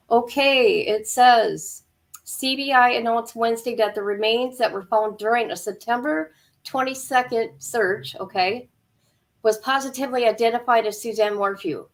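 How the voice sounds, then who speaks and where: A woman hosting her channel, sounding shaken and halting as she comments and reads a news report aloud. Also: fairly high pitch. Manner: shaken, halting, many fillers. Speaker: channel host.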